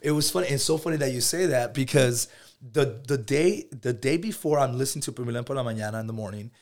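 Podcast guest: rapid-fire male storyteller, casual slang, animated delivery. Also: mid-range voice. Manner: animated and slangy, calls listeners bro.

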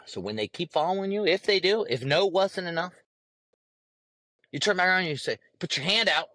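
A man's voice: high voice, expressive, fairly quick, fairly bright tone, no echo. A man hosting a podcast, ranting heatedly with lots of swearing, repeating lines for emphasis. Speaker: podcast host. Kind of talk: profane opinion rant.

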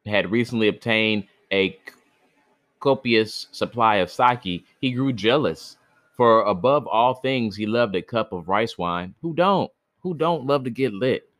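Brief: low-pitched male host, casual slangy storyteller, jokes and stumbles, dry close sound. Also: slow, fairly bright tone, no room sound. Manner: slangy, joking asides, stumbles over names. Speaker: podcast host reading myths. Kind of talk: myth reading with casual commentary.

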